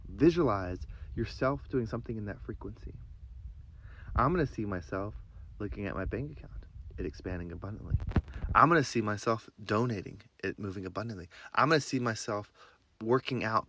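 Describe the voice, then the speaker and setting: A man hosting a self-help podcast, guiding listeners through breathing and affirmations in a slow, calm, deliberate way. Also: lowish voice. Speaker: podcast host and life coach. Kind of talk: guided breathing meditation and affirmations.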